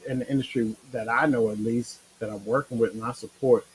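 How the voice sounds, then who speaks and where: A man's voice: medium pitch, fairly even intonation, fairly quick, slight background noise, rough recording. A tired man hosting a casual live-stream chat, rambling in a laid-back, slangy way with lots of fillers. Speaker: show host.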